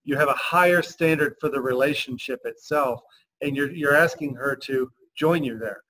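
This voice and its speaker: A man's voice: medium pitch, normal speed, sharp tone, low-quality recording. A man hosting a coaching talk, asking direct, probing questions.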